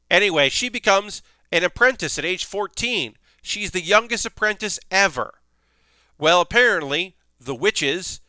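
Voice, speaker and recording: A man's voice: a little high, sharp tone, clear, resonant tone, dry recording. A man hosting a stream, recapping an anime plot in a rambling, casual way with lots of fillers. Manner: rambling, filler-heavy retelling. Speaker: stream host.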